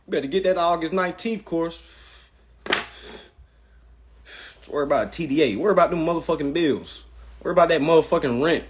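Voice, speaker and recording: A man's voice: fairly high pitch, a little fast, pauses often. A man hosting a live stream, answering viewers' questions from chat in a blunt, profane, ranting way while promoting his class. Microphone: phone.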